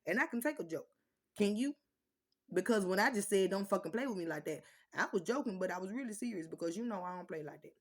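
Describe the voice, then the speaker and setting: An animated woman talks straight to her viewers. Her delivery is blunt, profane and lively, swinging her voice up and down as she tells her stories. She speaks at a mid pitch in an easy, casual vlog chat. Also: fast talker. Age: adult with children. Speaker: vlogger.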